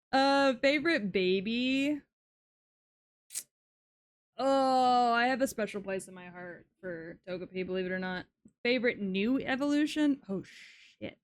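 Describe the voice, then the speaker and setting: Her voice is a little high and fairly bright as this young woman chats casually with her livestream audience. She curses frequently and lets out shrieks when she gets excited.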